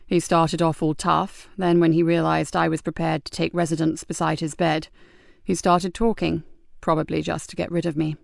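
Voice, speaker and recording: A woman voicing a weary, steady male police sergeant who talks low and measured. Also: creaky, no echo, studio quality. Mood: calm.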